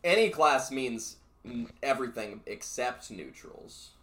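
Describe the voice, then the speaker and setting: Man, casual podcast chat, rambling, filler-heavy, excited, mid-pitched voice. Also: measured pace. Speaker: podcast co-host. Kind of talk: casual card-review chat.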